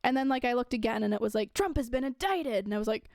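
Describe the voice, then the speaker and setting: Fast-talking young woman reading news. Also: fairly high pitch, expressive, darkish tone, no echo. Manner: chatty, reads quotes then adds asides with fillers. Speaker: commentator. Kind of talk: casual commentary reading news aloud.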